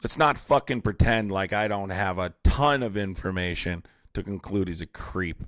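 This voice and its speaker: Heated young man with a low, dry voice. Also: normal speed, a bit bright, no room sound. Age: young adult. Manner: heated and confrontational, calling out commenters by name. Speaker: livestream host. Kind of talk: live-stream chat, reacting to viewer comments.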